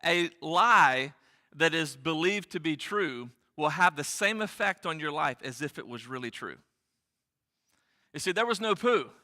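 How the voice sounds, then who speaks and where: A man's voice: fairly high pitch, pushed and bright. A man preaching a sermon as pastor, speaking earnestly and repeating key phrases for emphasis. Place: church sanctuary. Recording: long church hall reverb.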